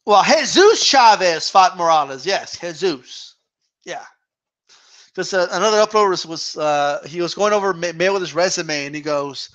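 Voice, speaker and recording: High-voiced, laughing boxing stream host. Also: male voice, expressive, normal speed, a bit bright. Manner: laughs often, slangy, swears casually. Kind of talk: casual chat reading viewer questions.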